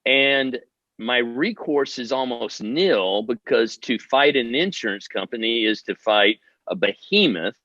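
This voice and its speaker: A man co-hosting a podcast who works in healthcare, explaining contracts in a measured way. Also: medium pitch, lively intonation, bright, forceful tone, no echo, highs cut off. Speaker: podcast co-host. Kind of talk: casual chat.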